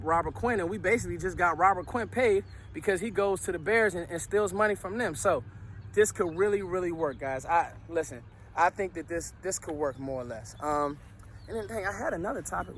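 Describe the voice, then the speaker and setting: A man's voice: high-pitched, slight background noise. Breathless man vlogging after a workout. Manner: animated, repetitive restarts, slangy. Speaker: sports vlogger. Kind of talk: casual football commentary vlog.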